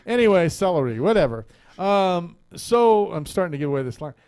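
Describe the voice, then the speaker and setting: Male radio host, slightly high voice, talkative and loose, studio mic. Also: very animated, a little fast, a little mellow, smooth. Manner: chatty and rambling, laughs often, repeats words. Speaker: radio talk show host. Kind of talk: casual on-air chat, telling a joke.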